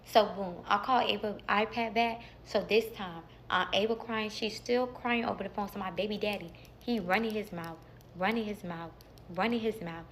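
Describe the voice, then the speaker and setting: A young adult woman telling a personal story in a casual storytime vlog, animated and emotional, with plenty of slang. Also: medium pitch, normal speed, a little hiss or hum.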